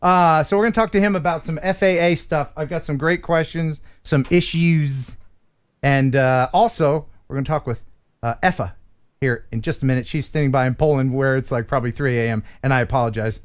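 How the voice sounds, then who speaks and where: A man's voice: on the high side, fairly quick, clear, resonant tone. A man from the central United States hosting a casual live-stream chat, joking around and laughing often. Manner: jokey, laughs often, ad-libs silly voices.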